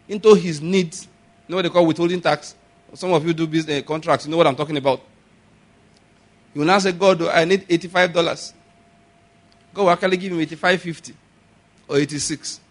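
A man preaching a sermon, telling stories and acting out the people in them with sudden shouts. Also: high-pitched, fairly even intonation, a little fast, pauses often. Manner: storytelling, acts out quoted voices with sudden shouts. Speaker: pastor.

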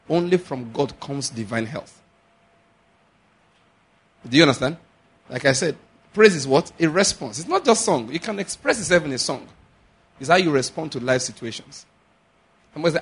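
Husky man preaching. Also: fairly high pitch, normal speed, pauses often. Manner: animated preaching with pidgin asides and acted-out quotes. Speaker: pastor. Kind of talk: sermon.

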